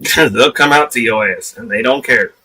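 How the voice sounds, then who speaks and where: A man's voice: mid-range voice, moderate pace, bright, forceful tone, husky, far from the mic, low-quality recording. A man giving casual, profane commentary on a live stream, laughing often.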